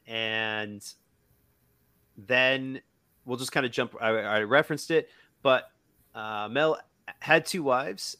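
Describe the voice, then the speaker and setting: A man's voice: medium pitch, bright, forceful tone, no room sound. A man co-hosting a casual podcast, telling anecdotes in a rambling way with many fillers and restarts. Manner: rambling storyteller, acts out quoted voices. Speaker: podcast co-host.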